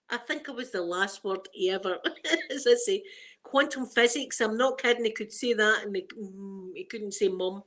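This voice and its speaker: A woman's voice: medium pitch, moderate pace, a bit bright. Scottish lady, middle-aged, casual livestream chat, lots of laughing and hellos to viewers. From Scotland. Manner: chatty, laughing often, talking to viewers by name. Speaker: ASMR livestream host.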